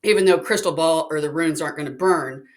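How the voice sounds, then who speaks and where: A woman's voice: sits low, fairly quick. A woman, a psychic, casually telling a personal story and acting out the voices of the people in it. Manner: chatty, animated, acts out quoted voices.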